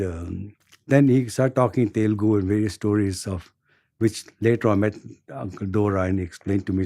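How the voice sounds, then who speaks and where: A man in his sixties with an Indian accent, telling a story in an interview in a halting way, repeating words and chuckling. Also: fairly low pitch, a little mellow, dry recording, studio quality. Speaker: interview guest.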